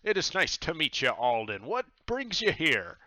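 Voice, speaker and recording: A man voicing a boisterous, burly male pirate god who talks loud and jovial. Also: on the high side, huge pitch swings, moderate pace, dry recording, clean studio sound, pitched above the performer's own voice, heavily acted. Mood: jovial, booming.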